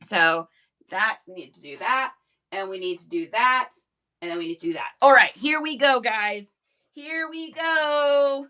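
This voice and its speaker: A woman hosting a casual live stream, bubbly and excitable, talking into a phone. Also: moderate pace. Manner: bubbly, excitable, high-energy. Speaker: live-stream reseller host.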